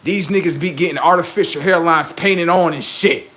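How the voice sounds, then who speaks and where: A man's voice: on the high side, normal speed, fairly bright tone. A man hosting a livestream, delivering a boastful, heavily profane rant that taunts the people he is mocking. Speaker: livestream host.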